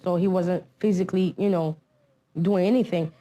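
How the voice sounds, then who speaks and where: A woman's voice: fairly low pitch, steady tone, normal speed, mellow, low-quality recording. Blunt New woman, street slang. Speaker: interviewee. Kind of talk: candid documentary interview.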